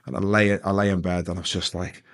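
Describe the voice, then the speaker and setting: A middle-aged man from England with a deep, low voice tells his story at a rapid clip. He rambles, restarts his sentences, and drops jokes into serious moments. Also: flat delivery. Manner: rambling, self-interrupting, joking. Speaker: guest. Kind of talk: storytelling interview.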